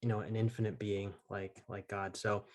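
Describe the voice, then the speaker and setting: A man's voice: fairly low pitch, little pitch movement, normal speed, a little mellow. A man hosting a casual interview podcast, affirming the guest often and reading a passage aloud. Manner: affirming, frequent backchannels, friendly reading aloud. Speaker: podcast host.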